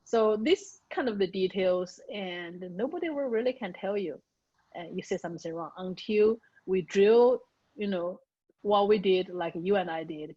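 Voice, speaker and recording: A woman's voice: medium pitch, darkish tone, muffled recording. A woman from China with a Chinese accent, a native Mandarin speaker, going over her pronunciation with a coach and searching thoughtfully for her words. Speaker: author and student.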